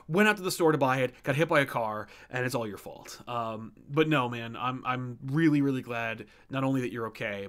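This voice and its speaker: A man's voice: mid-range voice, fairly bright tone. Casual rambling man. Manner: rambling, many fillers and restarts. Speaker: comic book channel host reading viewer messages. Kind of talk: casual livestream chat.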